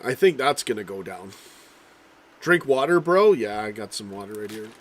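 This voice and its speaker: A man hosting a casual live-stream football chat, rambling and swearing, reading out viewers' comments while he keeps coughing and clearing his throat. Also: lowish voice, big pitch swings, moderate pace. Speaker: livestream host.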